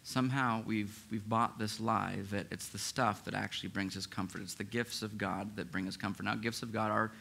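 A man preaching a sermon as pastor, in a lively, conversational way with frequent restarts. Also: lowish voice, normal speed, vocal fry, hardly any pauses, breathy edge. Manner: acts out listeners' inner objections.

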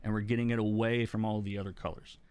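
Smooth, dry-voiced man teaching live. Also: fairly low pitch, fast, no room sound. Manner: relaxed, explanatory, laughs between points. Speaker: comic book colorist and teacher. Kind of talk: live-stream art lesson, reading chat.

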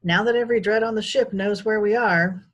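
A woman's voice: mid-range voice, fairly even intonation, a little fast, pitched above the performer's own voice, lightly acted. A woman voicing a weary, wounded ship captain, a man who speaks grave and stern.

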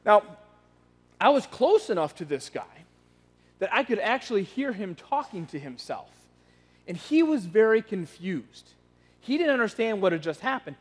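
A man's voice: sits high, sing-song, normal speed, husky. A man pastor preaching a sermon in a conversational storytelling way, often restarting and repeating words. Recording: long reverb of a large hall.

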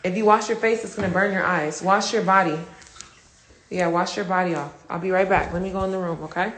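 A woman's voice: lowish voice, steady tone, brisk, a bit bright. A young woman casually chatting to her viewers on a phone livestream, swearing freely and calling them y'all. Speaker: Instagram Live host.

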